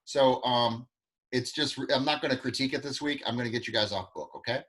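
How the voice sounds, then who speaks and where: A man's voice: medium pitch, fairly quick, fairly bright tone. A man teaching an online acting class over a video call, giving direct, encouraging feedback and practical tips to his students. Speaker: acting coach.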